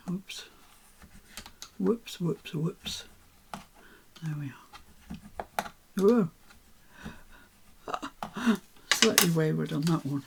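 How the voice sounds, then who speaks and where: A woman chatting casually to herself as she works on a papercraft project, with soft asides. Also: fairly low pitch, animated, drawn-out words, vocal fry, long pauses, very noisy. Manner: chatty, self-talking while working, soft asides. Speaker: papercraft vlogger. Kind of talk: casual crafting commentary.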